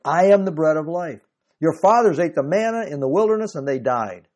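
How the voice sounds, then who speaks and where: A man delivering a sermon, moving between reading scripture aloud and explaining it. His voice is mellow and warm, sitting a little higher than most men's. He presses hard on key phrases with emphatic swells. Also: lively intonation, brisk. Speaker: preacher.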